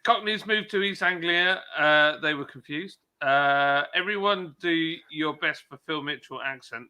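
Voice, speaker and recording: A man's voice: a little high, unhurried, hardly any pauses, sharp tone, clean tone. A man hosting a live stream, reacting with short exclamations and reading out viewer comments. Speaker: host.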